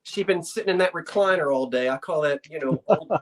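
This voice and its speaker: A woman's voice: low-pitched, fairly quick. A woman hosting a live online sale, describing an item in casual, rambling chat full of asides.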